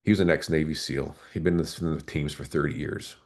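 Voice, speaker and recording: A man's voice: a bass voice, fairly even intonation, fast, darkish tone. A man in his forties, a former police officer, earnestly recounting an emotional personal story as a podcast guest.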